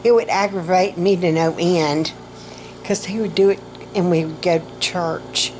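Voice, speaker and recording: A woman's voice: fairly low pitch, steady tone, measured pace, noisy background. A middle-aged woman, vlogging casually about her health, rambling and self-mocking, and short of breath.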